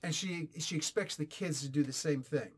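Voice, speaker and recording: A man in his forties giving a casual, opinionated comic book review, animated and sarcastic. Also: a little high, moderate pace, breathy edge. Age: 40s. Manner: animated, ranting, sarcastic asides.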